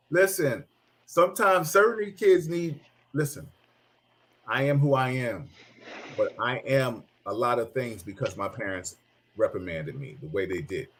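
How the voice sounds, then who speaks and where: A man's voice: mid-range voice, measured pace, a bit bright, husky. A middle-aged man hosting a casual talk show, telling stories animatedly, laughing and mimicking people. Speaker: host.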